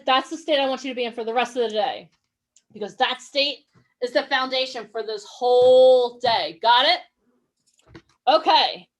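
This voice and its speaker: A woman coaching actors and models in a motivational online workshop. She talks energetically, encourages her listeners and keeps asking them questions. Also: high voice.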